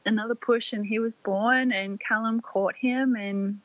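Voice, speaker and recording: A young Australian woman, a podcast guest, telling a personal story in a soft, rambling way full of "like" fillers. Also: a little high, steady tone, measured pace, dry recording. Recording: dry, slightly dull lo-fi audio.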